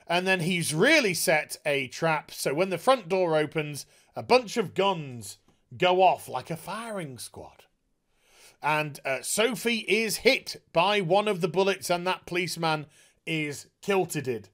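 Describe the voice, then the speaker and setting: A man's voice: on the high side, expressive, slow, fairly bright tone. A man ranting in a video review, exasperated and sarcastic, swearing often. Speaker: TV show reviewer.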